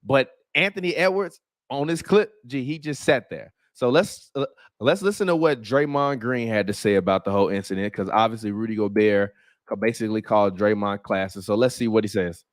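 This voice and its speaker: A man's voice: lowish voice, brisk, dry recording, studio quality. A man hosting a sports podcast, reacting to a clip in casual, slang-heavy, profane trash talk. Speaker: podcast host.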